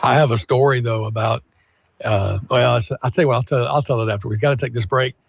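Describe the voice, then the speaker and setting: A man's voice: mid-range voice, fast talker, vocal fry, no room sound. A man co-hosting a talk radio show, chatting casually and telling stories with laughs and acted-out voices. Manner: storytelling, laughs often, acts out quoted people. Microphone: studio microphone. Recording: slightly dull, dry studio broadcast audio.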